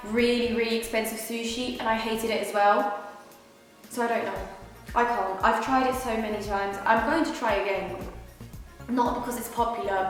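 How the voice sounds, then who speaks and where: A young woman from Surrey, England, chatting casually and rambling as she eats on camera. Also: on the high side. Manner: chatty, rambling, thinks aloud. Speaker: vlogger. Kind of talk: casual chat while eating. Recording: very echoey room, long reverb, faint music.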